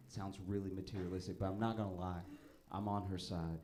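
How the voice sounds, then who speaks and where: A man doing a stand-up comedy set, telling stories with a laugh in his voice and breaking into loud, high punchlines. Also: fast talker. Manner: animated storytelling, often laughing, jumps to loud high punchlines.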